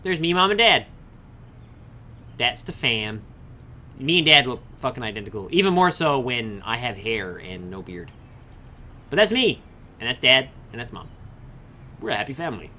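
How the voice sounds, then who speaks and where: A man's voice: medium pitch, very animated, moderate pace, pauses often, sharp tone. A young man chatting casually with viewers on a game livestream, swearing freely and answering chat. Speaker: game streamer. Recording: faint music behind the voice.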